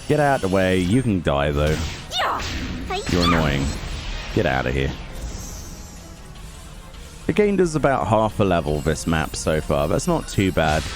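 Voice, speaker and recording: A man chats through a game in a relaxed, sarcastic way, muttering complaints at characters on screen. His voice sits fairly low yet swings widely in pitch. Game music plays clearly underneath him. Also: a little slow, long pauses. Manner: sarcastic, grumbling asides. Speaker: gaming YouTuber. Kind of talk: casual let's play commentary.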